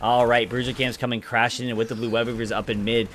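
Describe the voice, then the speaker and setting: A man giving energetic live play-by-play commentary on a video game and chatting with viewers, his voice cracking upward at exciting moments. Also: mid-range voice, quick pace, a little hiss or hum. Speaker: esports caster and streamer.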